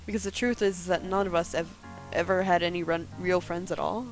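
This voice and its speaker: A woman voicing a guarded, brooding woman in her thirties, reading her first-person narration and lines quietly and dryly in a game. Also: fairly low pitch, fairly even intonation, a little fast, soft background music, natural voice, low-quality recording. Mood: reflective.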